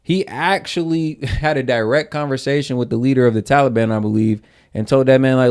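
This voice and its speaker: A man's voice: medium pitch, fairly quick, darkish tone, smooth. A man hosting a casual reaction stream, blunt and slangy, mocking what he hears and swearing freely.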